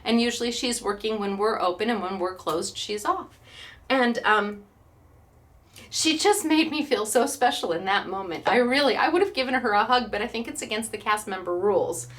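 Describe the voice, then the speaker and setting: A woman's voice: mid-range voice, expressive, normal speed, fairly bright tone. A woman hosting a craft class, chatting to online viewers in a bubbly way and laughing often. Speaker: craft store host. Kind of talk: casual chat to online viewers.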